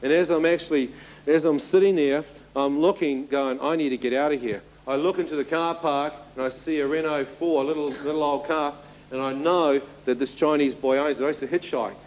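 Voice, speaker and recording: A man's voice: fairly high pitch, fairly even intonation, a little fast, darkish tone, poor audio. A man in his thirties giving a spoken testimony to an audience, telling his story vividly and turning to the listeners with asides. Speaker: testimony speaker.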